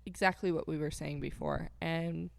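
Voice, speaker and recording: Gravelly low-voiced woman co-host. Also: steady tone, normal speed, dry recording. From agricultural background. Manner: blunt, frank opinions. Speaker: podcast co-host. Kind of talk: casual chat.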